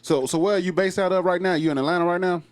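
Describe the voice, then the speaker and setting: Male comedian host, quick and easygoing, casual banter, dry close sound. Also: high-pitched, fairly even intonation, no echo. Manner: laid-back, fast conversational talk. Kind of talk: casual interview chat.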